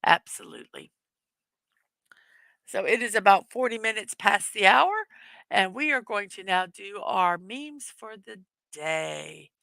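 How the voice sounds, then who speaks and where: A woman's voice: mid-range voice, lively intonation, measured pace, gravelly, bright, forceful tone, no echo, poor audio. Giggly chatty woman hosting a live stream. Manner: chatty, giggly, with many fillers. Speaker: livestream host. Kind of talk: casual live chat reading viewer comments.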